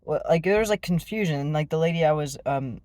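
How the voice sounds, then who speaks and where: A man's voice: a little high, fast talker, darkish tone, dry recording. A man telling a personal story in a casual, rambling way, with many fillers and restarts. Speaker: vlogger.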